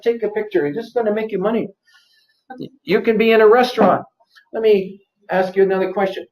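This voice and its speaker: High-voiced male seminar presenter, coaxing, repeats key points, recorded far off in a roomy space. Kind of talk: live workshop lecture. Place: office seminar room. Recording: roomy, distant, dull lo-fi.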